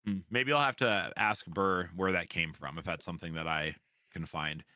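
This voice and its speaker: Bright, dry-voiced podcast host. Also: male voice, deep voice, dry recording. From Minnesota. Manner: chatty, quick questions with many fillers. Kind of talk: casual chat, interviewing.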